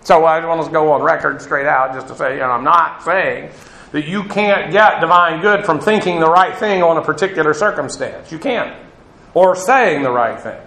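A man's voice: fairly high pitch, moderate pace, gravelly, sharp tone, echoey room, rough recording. A male pastor giving a conversational Bible teaching, loose and digressive with many fillers. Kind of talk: sermon.

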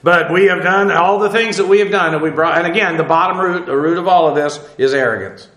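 A man's voice: a little high, fairly bright tone. Emphatic man teaching Bible, echoey room. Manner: halting, many filler "uh"s, spells out Hebrew words; emphatic, preacherly warnings.

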